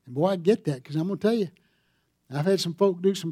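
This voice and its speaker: A pastor preaching a sermon, telling a story and building to emphatic appeals. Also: male voice, on the high side, fairly quick, mellow, slightly rough, no room sound, clean studio sound.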